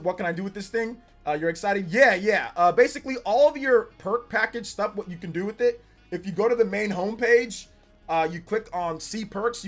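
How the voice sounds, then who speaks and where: Bright-voiced man in his forties riffing with chat. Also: high voice. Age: 40s. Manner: teasing and laid-back, bursts of animated ribbing. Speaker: streamer reacting and reading live chat. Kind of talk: casual live-stream chat. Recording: faint music behind the voice.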